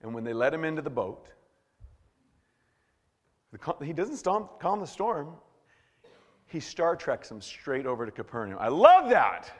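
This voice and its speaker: A man preaching a sermon as pastor, animated and joking, acting out quotes with shouts and stammers. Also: on the high side, measured pace, long pauses, in a large hall.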